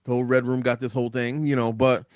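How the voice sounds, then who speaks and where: A man chatting on a radio show in a dry, close studio sound. He rambles with plenty of fillers and jumps sharply up in pitch when excited. His voice sits at a middle pitch. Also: fast talker, dry recording. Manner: animated, rambling, frequent fillers. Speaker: guest commentator. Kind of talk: casual radio chat. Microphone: studio microphone.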